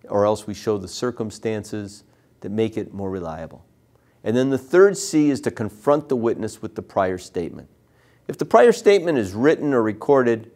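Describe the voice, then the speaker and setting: A man's voice: mid-range voice, a little mellow. A man teaching trial advocacy, explaining cross-examination step by step and acting out sample questions to a witness. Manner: acts out lawyer and witness exchanges in a raised voice.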